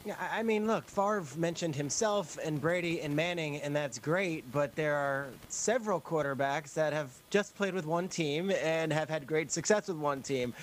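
A man's voice: fairly high pitch, moderate pace, few pauses, slight background noise, low-quality recording. A man on a sports talk panel, arguing emphatically and pushing back on the others. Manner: emphatic, pushes back with repeated starts.

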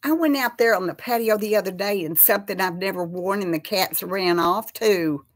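A woman at a middling pitch hosting a casual live chat. She rambles warmly from topic to topic and reads out viewers' names as she goes. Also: normal speed.

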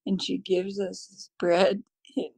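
Woman, middle-aged, from the US, heartfelt storytelling, very creaky voice, dry recording. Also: mid-range voice, level tone, a little slow, a little mellow, dry recording. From United States. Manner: heartfelt, emotional, tearful at times. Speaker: guest sharing a faith testimony. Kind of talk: personal storytelling.

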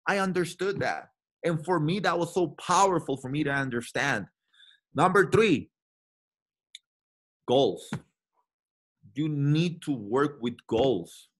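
A man's voice: a little high, lively intonation, slow pace, long pauses. A man from Latin America in his thirties, giving an emphatic, repetitive motivational talk to his team and acting out the voices he quotes. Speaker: team trainer.

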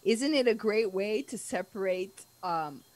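A woman's voice: mid-range voice, animated, unhurried, low-quality recording. Rambling woman guest on a chat show. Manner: rambling, many restarts and trailing asides. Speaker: guest, journalist. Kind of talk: casual live-stream chat.

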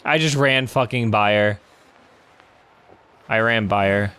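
A young man giving let's play commentary on a horror game, excitable and swearing, yelling in panic when chased. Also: fairly low pitch, takes it slowly, clean tone. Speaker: gamer.

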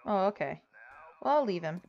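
A woman's voice: medium pitch, expressive, creaky, lo-fi sound. Giggly American woman gamer. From United States. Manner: giggly, quick to laugh at herself. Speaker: co-op game host. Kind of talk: casual gaming chat.

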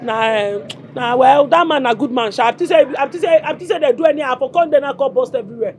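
An actress with a Nigerian Pidgin accent playing a brash, boastful daughter in a Nollywood film. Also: female voice, high voice, quick pace, darkish tone, slight background noise, lightly acted. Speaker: daughter on the phone with her mother.

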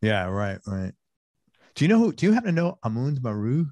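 A man's voice: medium pitch, big pitch swings, fairly quick, a little mellow, dry recording. A man hosting an interview, asking enthusiastic, rambling questions in a casual way. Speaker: interview host.

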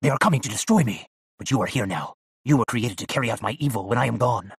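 A man playing an old evil sorcerer who speaks in a hushed, commanding, pompous way in an audiobook. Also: medium pitch, quick pace, creaky, husky, no room sound, clean studio sound. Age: over 60.

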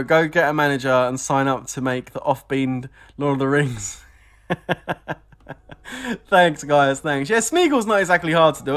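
A man streaming a game, excitable, whooping and laughing as rewards drop. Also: mid-range voice. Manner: excitable, shouting and laughing at drops. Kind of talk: live game commentary.

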